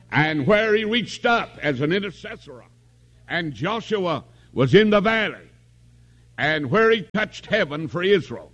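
Speaking into a stage mic, a middle-aged preacher leads a revival in a tabernacle with homespun, folksy talk, jokes, and calls for amen. His voice sits slightly above the typical male range and sounds a bit bright.

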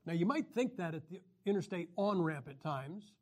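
High-voiced joking male Bible teacher. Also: animated, moderate pace. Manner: wry, joking, clears throat often. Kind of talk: joking classroom lecture.

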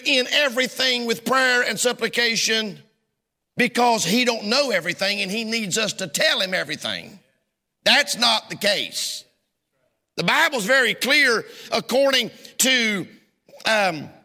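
A preacher delivers his sermon in a high, sharply bright voice. He swings his pitch all over the place and punches out shouted lines. A long reverb from the church sanctuary trails behind him. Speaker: pastor.

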